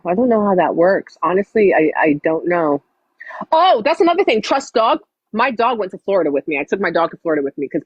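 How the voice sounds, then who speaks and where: Woman, livestream chat, lively swooping voice, profane, blunt, dry dull lo-fi sound. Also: on the low side, breathy edge, dry recording.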